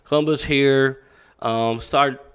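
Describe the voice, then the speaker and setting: A man's voice: mid-range voice, slow, clean tone. A young man, a boxing coach, telling his life story in a podcast interview, swearing freely and acting out quoted exchanges. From Pakistan. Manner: profane, animated, acts out quoted dialogue.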